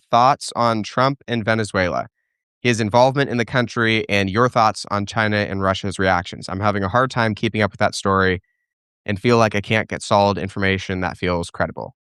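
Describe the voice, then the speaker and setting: A young man with a lowish, smooth voice hosts a casual live stream and answers viewers' questions. He speaks in opinionated bursts, restarting his sentences as he works out his thoughts. The sound is dry and close to the microphone. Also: a bit bright, no echo. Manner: opinionated, thinks aloud with restarts and fillers.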